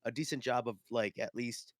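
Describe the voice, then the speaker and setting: A man's voice: medium pitch, moderate pace, no room sound, studio quality. Sniffly man in rambling casual chat. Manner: rambling, animated storytelling with many fillers. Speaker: podcast co-host.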